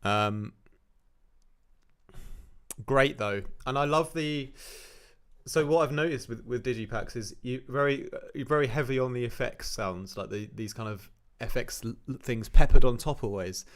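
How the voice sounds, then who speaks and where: A man's voice: mid-range voice, measured pace, fairly bright tone. A man hosting a livestream, giving chatty, encouraging feedback on remixes with frequent restarts. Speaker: livestream host reviewing remixes. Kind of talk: casual livestream commentary.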